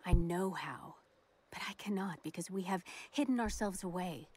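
An actress voicing a weary woman healer who writes a secret journal in a hushed, breathy, solemn whispered role-play. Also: fairly low pitch, normal speed. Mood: sorrowful.

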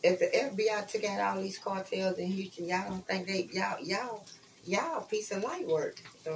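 A woman's voice: medium pitch, normal speed, slight background noise, poor audio. Blunt, profane woman talking while cooking. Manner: profane, blunt, chatty, addresses viewers as y'all. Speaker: online spiritual reader. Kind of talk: casual rambling talk to viewers. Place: home kitchen while frying food.

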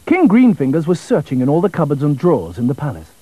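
A man narrating a children's storybook in an expressive, melodic way. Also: a little high, quick pace, slightly rough, no echo, low-quality recording.

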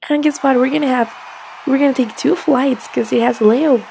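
A woman's voice: high voice, a little fast, creaky, mellow, slight background noise. A woman doing an upbeat toy-play dad. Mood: cheerful. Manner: eager and upbeat. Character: cheerful family dad on vacation.

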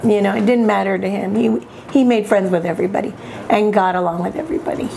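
A woman's voice: medium pitch, steady tone, fast, gravelly, noisy background. An older woman interviewed at home, fondly telling stories about her son. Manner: fond, storytelling. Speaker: comedian's mother. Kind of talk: interview reminiscence.

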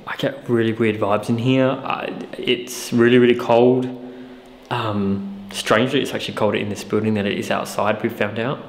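A man's voice: fairly low pitch, flat delivery, moderate pace. A man talking casually to the camera in a vlog, chatty and easily spooked, using lots of filler words. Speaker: co-host of a ghost-hunting channel. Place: inside an empty old hospital building. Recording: echoey, reverberant room with faint noise.

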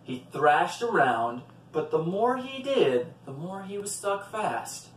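A man reading a folktale aloud in an expressive storytelling manner. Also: high voice, takes it slowly, slight background noise. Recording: roomy, from a distant mic.

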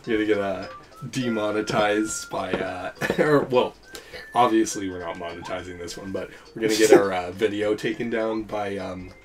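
A man's voice: fairly low pitch, moderate pace. A man hosting a casual let's play, chatting and laughing a lot. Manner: giggly, animated, lots of fillers. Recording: faint game music behind.

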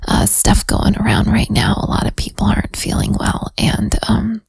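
A woman talking in a sick, hoarse voice in whispered casual chat, rambling and giggly as she thanks her listeners. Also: moderate pace, dry recording, low-quality recording. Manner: rambling, giggly, warm-hearted. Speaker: audio role-play creator.

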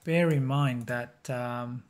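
A man hosting a map-guessing game video, thinking aloud in a halting, musing way with short chuckles. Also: mid-range voice, steady tone.

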